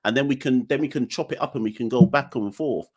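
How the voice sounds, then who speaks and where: A man's voice: mid-range voice, fast talker, darkish tone. A young man, hosting a live call-in podcast in a defiant, joking, ranting manner. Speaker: podcast host. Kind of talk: live call-in show chat.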